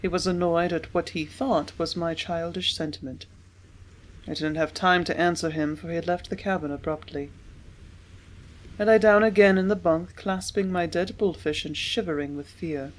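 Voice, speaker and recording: A woman narrating an audiobook in a measured, steady reading voice. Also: fairly low pitch. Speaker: audiobook reader.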